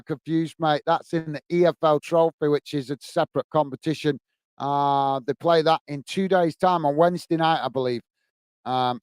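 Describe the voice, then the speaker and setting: A man's voice: high voice, clear, resonant tone, dry recording. A man hosting a live football watch-along, chatting casually, reading out viewer comments and thanking them by name, easily frustrated. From England. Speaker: football channel host.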